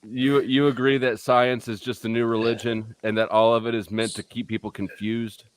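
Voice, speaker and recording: A man's voice: mid-range voice, little pitch movement, moderate pace, smooth, dry recording. A man hosting a casual group call, crude and dismissive in tone.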